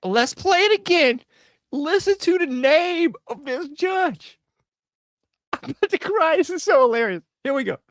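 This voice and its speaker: A man's voice: very high voice, lively intonation, measured pace, a bit bright, no room sound. A man hosting a podcast, riffing sarcastically on news clips and laughing often. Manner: sarcastic, laughing, drawling slang. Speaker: show host. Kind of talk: casual podcast commentary.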